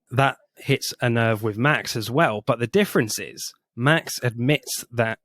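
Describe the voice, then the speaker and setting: A man's voice: mid-range voice, unhurried, few pauses, fairly bright tone, no echo. A man co-hosting a podcast in casual chat, retelling favourite film scenes with enthusiasm and frequent laughs. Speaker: podcast co-host.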